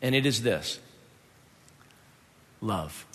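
Animated preacher man in a reverberant hall. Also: on the low side, drawn-out words. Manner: animated, conversational preaching with rhetorical questions. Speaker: pastor. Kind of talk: sermon.

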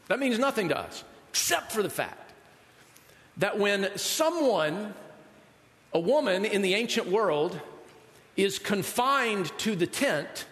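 A man's voice: sits high, animated, a little slow, a bit bright. A male pastor preaching a sermon in a conversational way, often asking the listeners rhetorical questions. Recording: reverberant hall.

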